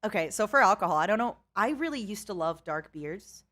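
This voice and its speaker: A woman's voice: mid-range voice, expressive, a little fast, fairly bright tone. A woman hosting a casual chat stream, bubbly and laughing often as she talks. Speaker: streamer host.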